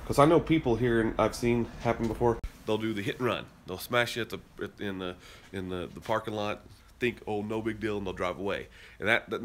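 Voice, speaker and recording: A man's voice: lowish voice, a little hiss or hum. A man hosting a podcast, telling a story in a casual, rambling way that turns heated and emphatic. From Utah, US. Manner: rambling, restarts often, gets heated and emphatic. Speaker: podcast host. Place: garage and car, indoors and out.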